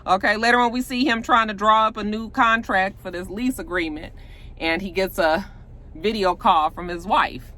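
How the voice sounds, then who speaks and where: A woman from Georgia, casually recapping a TV episode and acting out the characters' lines in quick voices. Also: medium pitch, bright, forceful tone. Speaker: TV recap vlogger.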